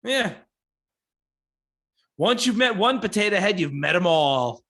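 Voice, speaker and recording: A man's voice: sits high, animated, unhurried, fairly bright tone. A man co-hosting a casual movie podcast, wry and contrarian, cracking jokes. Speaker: podcast co-host.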